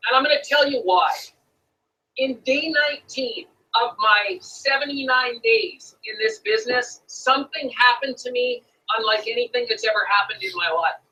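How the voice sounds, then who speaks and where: A man's voice: very high voice, bright, forceful tone, distant mic. A man with a Canadian accent, enthusiastically telling a sales story to a room as guest speaker, heard over a phone line. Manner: enthusiastic storyteller, addresses "folks".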